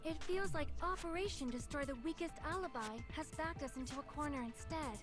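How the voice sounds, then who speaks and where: An actress voicing a regal, formal young princess in a dubbed video game, speaking with stately, formal diction. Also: female voice, high voice, fairly quick, natural voice. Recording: game audio with background music.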